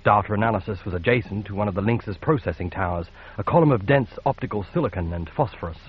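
A man narrating a science fiction audiobook in a measured, steady read. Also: on the low side, husky, highs cut off. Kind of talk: scripted narration.

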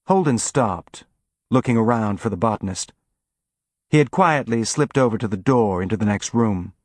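A man narrating an audiobook in an even, measured reading. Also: medium pitch, no echo.

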